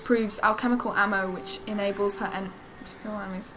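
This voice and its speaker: A woman chatting excitedly while playing a game on a live stream, gasping and giggling and reading game text aloud. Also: medium pitch, brisk, noisy background. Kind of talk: casual live-stream chat.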